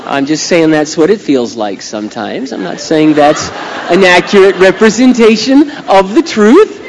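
A middle-aged man preaching a sermon as a pastor, swinging from quiet asides to loud, emphatic outbursts. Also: fairly high pitch, very animated, moderate pace. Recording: long hall reverb, faint hum.

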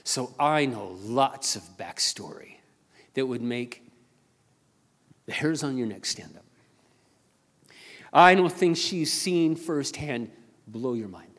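An older man preaching as a pastor, telling a story earnestly and haltingly, often repeating his words. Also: medium pitch, expressive, fairly bright tone. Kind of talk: sermon storytelling. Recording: long reverb of a large hall.

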